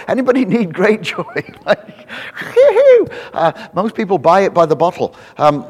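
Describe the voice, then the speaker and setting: A man preaching a sermon to a congregation, telling animated stories with frequent restarts. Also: high voice, normal speed. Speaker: pastor. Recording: long hall reverb.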